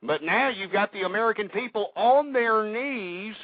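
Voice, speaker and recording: High-voiced man ranting on talk radio. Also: expressive, normal speed, no echo. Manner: hostile, ranting, swears often. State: out of breath. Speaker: radio talk show host. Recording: dull lo-fi radio broadcast.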